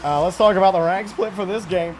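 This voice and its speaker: A man's voice: sits high, brisk, a little mellow, faint music behind. A man casting a live video game match, chatting and giving play-by-play. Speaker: esports caster. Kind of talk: live game commentary and chat.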